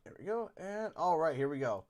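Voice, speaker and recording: A man with a Canadian accent and a slightly high, very animated voice casually commentates a live gaming stream at a brisk pace. He rambles to himself while clicking through menus.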